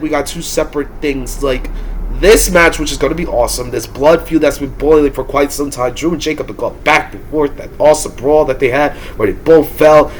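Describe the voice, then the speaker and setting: A man losing his voice, giving heated, frustrated wrestling predictions in a ranting vlog and breaking into loud, swearing outbursts. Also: fairly high pitch, a little hiss or hum. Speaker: wrestling commentator and YouTuber.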